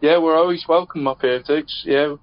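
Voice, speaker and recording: A man's voice: a little high, fairly even intonation, moderate pace, no echo. Laid-back man who says mate a lot. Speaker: podcast co-host. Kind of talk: casual football podcast chat. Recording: dry, dull lo-fi sound.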